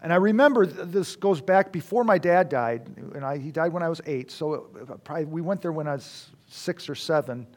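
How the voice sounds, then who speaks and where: A man's voice: on the high side, animated. Reflective man telling a story. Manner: reflective, with halting restarts. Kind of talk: personal storytelling talk.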